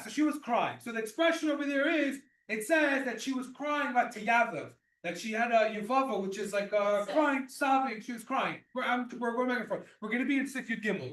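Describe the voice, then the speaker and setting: A religious law lesson is delivered by a man whose voice is very high and sharp in tone. Patient with every point, he repeats things and restarts sentences, and he sits well back from the mic in a reverberant room.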